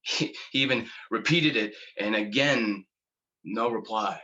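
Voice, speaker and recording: An actor playing a haunted male war veteran, telling his story slowly and haltingly, stumbling over repeated words. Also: fairly low pitch, bright, forceful tone, highs cut off. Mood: grim. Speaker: actor performing a monologue. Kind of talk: dramatic monologue.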